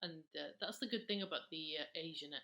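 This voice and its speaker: Lively British woman, a touch low-voiced. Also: fast. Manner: animated, conversational storyteller. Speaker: podcast co-host. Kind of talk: casual beauty chat.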